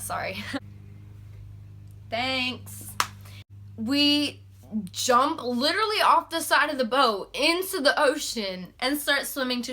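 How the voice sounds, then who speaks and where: Bright-voiced young woman telling a story. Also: a little high. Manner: animated, swears freely, mimics shocked voices. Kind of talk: casual storytime vlog.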